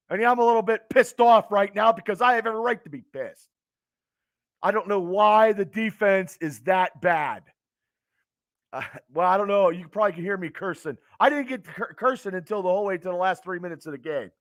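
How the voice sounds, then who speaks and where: A man with a high voice hosts a late-night fan stream from home, venting angrily about a lost game. He stumbles over words and curses while going through viewers' comments, captured in clean studio sound without any room sound.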